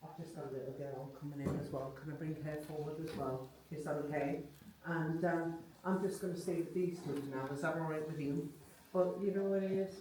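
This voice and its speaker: A woman's voice: deep voice, steady tone, a little fast, crowd noise. A woman working as a medium, relaying messages to a sitter in a chatty way, with frequent tag questions. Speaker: medium giving a reading. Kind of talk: live psychic reading to a sitter. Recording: echoey room from far off, faint noise.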